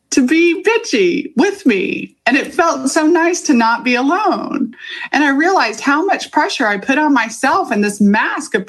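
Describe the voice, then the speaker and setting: A middle-aged woman, a coach, talking in a frank and confessional way about her own life, swearing freely as she goes. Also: high-pitched. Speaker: leadership coach. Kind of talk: candid personal monologue.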